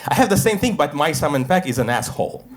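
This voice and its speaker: A man in his thirties from Russia, with a Russian accent, doing a deadpan stand-up set in English on a comedy club stage, with fillers and small slips. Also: on the high side, fast talker.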